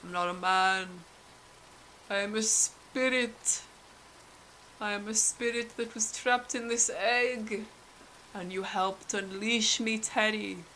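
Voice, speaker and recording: Sly male long-necked spirit creature, woman narrator doing it, bright voice, drawn-out delivery. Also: mid-range voice, a little hiss or hum, rough recording. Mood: solemn. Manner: calm, then hurried and breathless.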